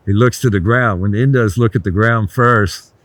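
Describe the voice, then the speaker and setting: An older man, a resort founder, telling blunt, animated anecdotes in a casual interview, swearing freely. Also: fairly low pitch, moderate pace, no room sound.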